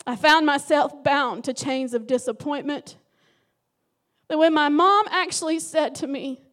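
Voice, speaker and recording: High-voiced woman pastor preaching. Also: a little slow. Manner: emotional, dramatic storytelling with sudden loud emphasis. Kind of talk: sermon.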